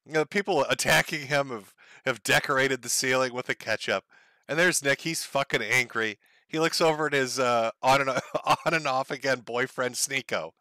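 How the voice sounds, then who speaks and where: A man's voice: medium pitch, bright, forceful tone, no room sound. A man hosting a stream, giving sarcastic, profane commentary on a video clip. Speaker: stream host.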